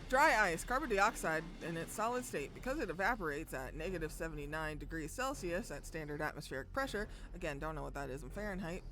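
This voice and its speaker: Excitable woman streamer, bright voice. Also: sits low, quick pace, few pauses. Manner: loud, excitable outbursts and swearing between calm narration. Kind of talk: reading a visual novel aloud with live reactions.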